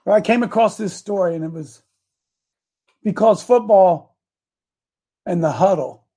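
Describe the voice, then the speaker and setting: A man's voice: high-pitched, unhurried, dark tone. A man of seventy giving a casual, rambling devotional talk as host, folksy and chuckling, speaking straight to his viewers. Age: 70s. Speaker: host of a daily faith talk show.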